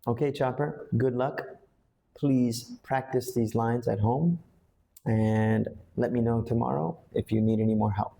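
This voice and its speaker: A man, an English teacher, coaching a student through lines for a school play with slow, patient explanations. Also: medium pitch, vocal fry, warm tone.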